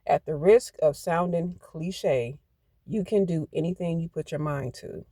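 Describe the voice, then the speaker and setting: A man's voice: a little high, measured pace, warm tone, no room sound. A man giving a channeled tarot card reading, emphatic and prone to getting hyped, then talking himself back down. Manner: emphatic, gets hyped, talks to self.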